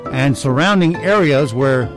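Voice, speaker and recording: A man's voice: medium pitch, lively intonation, unhurried, music in the background. A man hosting a radio show, reading poll results and fun facts in casual banter, with dry little asides. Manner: wry, reads items aloud with dry asides.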